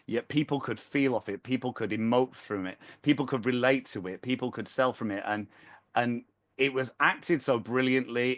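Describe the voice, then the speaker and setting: A man with a middle pitch co-hosts a casual interview. He speaks earnestly and deliberately, building his points one after another. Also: fairly bright tone. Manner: earnest, measured praise. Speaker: podcast co-host.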